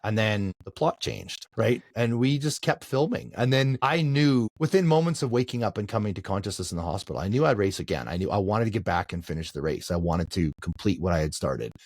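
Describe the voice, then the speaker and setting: Middle-aged male guest, low register, conversational storytelling, dry mic. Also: animated, fairly quick, hardly any pauses, a little mellow, no room sound. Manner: storytelling, frequent restarts and "like". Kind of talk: conversational interview.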